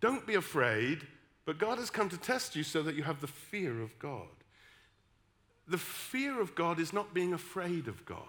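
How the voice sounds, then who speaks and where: A middle-aged man from the West Country with a West Country accent, preaching a sermon with humorous, animated storytelling and emphatic repetition. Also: on the high side, unhurried. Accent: West Country English. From West Country, England.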